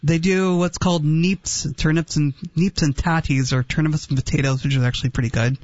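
A man's voice: on the high side, fairly even intonation, a little fast, darkish tone, no room sound. Easygoing man with dry humor. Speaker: radio co-host. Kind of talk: casual on-air chat. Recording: dull dry studio sound.

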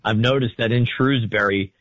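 A man's voice: medium pitch, normal speed, fairly bright tone, no echo, dull audio. A man co-hosting a casual talk radio show, giving blunt opinions in a rambling way with many restarts. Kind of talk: casual call-in radio chat.

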